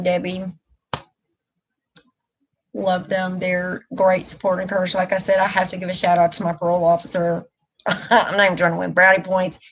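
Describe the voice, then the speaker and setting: A woman's voice: mid-range voice, a bit bright, low-quality recording. A middle-aged woman, talking openly and emotionally in a rambling live stream chat. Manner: candid, emotional, rambling with restarts. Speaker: vlogger.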